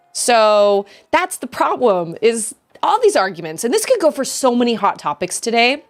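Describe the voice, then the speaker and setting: Brief: woman game streamer, fairly high voice, animated rants, faint music behind. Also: normal speed, few pauses. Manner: animated, exasperated, mocks others in sing-song voices. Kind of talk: casual ranting chat while streaming.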